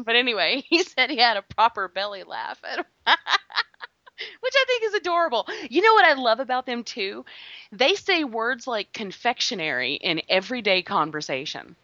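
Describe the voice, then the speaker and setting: A woman's voice: on the high side, big pitch swings, normal speed, sharp tone, dry recording. A woman co-hosting a podcast in casual chat, bubbly and laughing often, on dull lo-fi audio. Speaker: podcast co-host.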